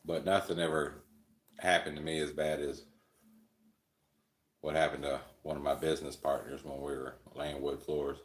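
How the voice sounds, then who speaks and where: A man's voice: a bass voice, level tone, normal speed, long pauses, roomy sound. A man hosting a live stream, telling rambling, crude, joking stories and chuckling often. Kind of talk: casual storytelling chat.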